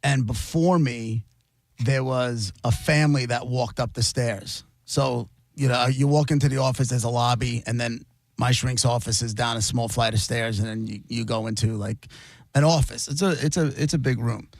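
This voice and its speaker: A man's voice: medium pitch, steady tone, moderate pace, no room sound. A man co-hosting a radio show, chatting casually and reacting bluntly and emphatically. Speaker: radio co-host. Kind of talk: casual on-air chat. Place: radio studio.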